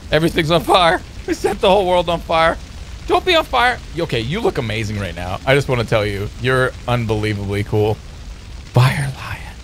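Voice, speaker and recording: A man hosting a let's play, commenting on gameplay in an excitable, joking way with many exclamations. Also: on the high side, slight background noise.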